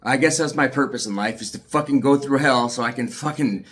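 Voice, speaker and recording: A man's voice: medium pitch, fairly quick, fairly bright tone. A middle-aged man giving an agitated, profane monologue to the camera as an aggrieved father. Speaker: aggrieved father telling his story.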